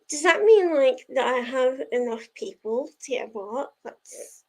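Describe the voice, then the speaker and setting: A woman's voice: sits high, expressive, unhurried, hardly any pauses. A woman hosting a casual reading livestream, chatting with viewers, giggly and full of fillers. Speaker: livestream host of a reading sprint.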